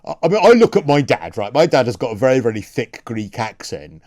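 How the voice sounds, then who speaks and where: A male radio host talks from a dry, close studio mic. His pitch rises and falls widely as he throws out rhetorical questions, stumbling over words now and then. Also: very animated, brisk, a little mellow, dry recording. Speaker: radio talk show host. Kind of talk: opinion radio discussion.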